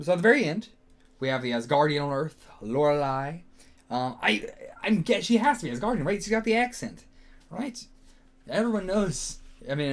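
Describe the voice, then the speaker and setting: A man with a slightly higher voice talks through a reaction video. He rambles, stops to question himself, and leans on fillers and the odd swear. It has the loose feel of casual solo commentary.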